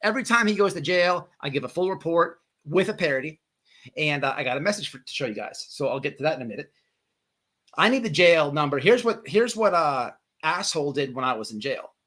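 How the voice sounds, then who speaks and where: Casual male livestream host, swears freely, trips over repeated words, bright timbre. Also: a little high, animated, a little fast. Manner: rambling, profane, repeats words.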